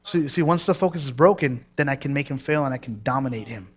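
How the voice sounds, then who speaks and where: A young man from Mexico preaching a sermon, energetic and storytelling, with restarts and asides to the congregation. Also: medium pitch, quick pace, slightly rough.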